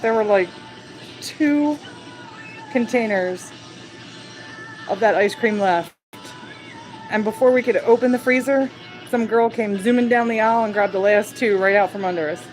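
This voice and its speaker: A woman's voice: mid-range voice, moderate pace, pauses often, poor audio. A woman hosting a casual livestream from a shop late at night. She chats and giggles, and greets viewers as she goes. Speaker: livestream host. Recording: clear music behind.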